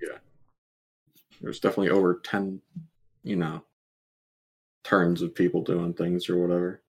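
A man's voice: sits low, level tone, normal speed, a little mellow, breathy edge. A man playing in an online tabletop game, joking crudely and swearing freely over a voice call. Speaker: player. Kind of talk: casual game chat.

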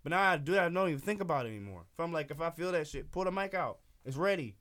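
A very fast talker with a voice on the high side, this guest rapper from southeastern Michigan chats casually in the studio. A light lisp colors his speech, which is animated and profane and turns loud when he's excited.

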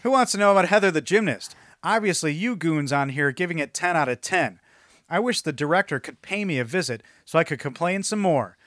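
A man co-hosting a casual podcast, reading reviews aloud in a teasing, mocking way. His voice sits a little high, and the sound is dry and close, with no room in it. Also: lively intonation, a little fast, fairly bright tone, no echo. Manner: mocking, breaks into laughter mid-read. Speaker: podcast co-host.

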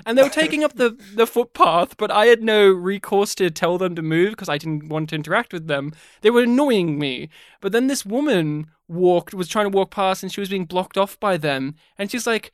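An Australian man hosting a podcast, telling stories in lively, casual chat and swearing freely. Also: sits high, normal speed, hardly any pauses, smooth, no echo, clean studio sound. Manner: animated storyteller, swears freely. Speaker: podcast host.

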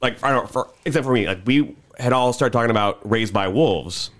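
A man co-hosting a casual podcast, animated, with quick asides and casual swearing. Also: mid-range voice. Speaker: podcast co-host.

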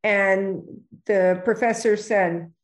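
A middle-aged woman and real estate agent chatting casually on a podcast, telling stories lively and acting out the voices of people she quotes. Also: medium pitch, slow pace. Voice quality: animated storyteller who acts out quoted voices.

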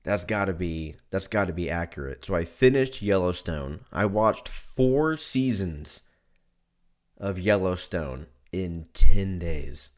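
At home, a man hosts his own podcast as a casual solo monologue, drunk and congested, rambling and swearing freely. His voice is deep and a little slow, with few pauses.

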